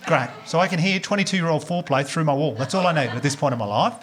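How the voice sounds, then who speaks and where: A man with an Australian accent performing a stand-up set, telling crude stories in a dry, deadpan way. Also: on the high side, fast. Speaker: stand-up comedian. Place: comedy club stage before a live audience. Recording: loud audience laughter and noise.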